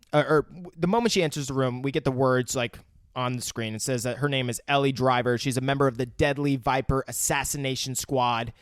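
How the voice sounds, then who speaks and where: A man's voice: mid-range voice, clear, resonant tone, no room sound, studio quality. A man casually recapping a film scene by scene on a podcast, swearing freely and getting worked up. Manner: profane, excitable retelling of scenes. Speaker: podcast co-host. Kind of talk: casual movie review chat.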